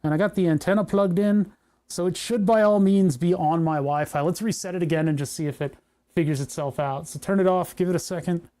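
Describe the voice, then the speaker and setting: A man's voice: high-pitched, brisk, warm tone. A man casually chatting to his viewers as he tinkers with a hardware project, rambling and joking as he works. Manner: rambling, joking, talks to chat while working. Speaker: maker streaming a hardware project. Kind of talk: casual livestream tinkering talk.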